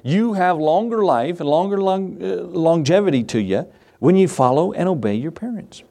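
A middle-aged man preaches a sermon in a relaxed, folksy way, and his voice sits a little higher than most men's. He talks to the congregation like he's chatting with friends, with chuckles and asides. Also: normal speed, vocal fry. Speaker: pastor.

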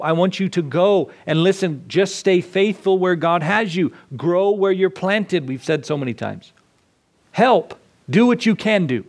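A man preaching a sermon, driving points home with repeated phrases and emphatic rises. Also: fairly high pitch. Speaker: pastor.

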